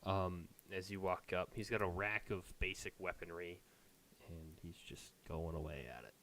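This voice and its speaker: A man's voice: deep voice, fairly even intonation, normal speed, fairly bright tone, slight background noise. A man narrating a tabletop game as game master, casual and laughing, with many fillers.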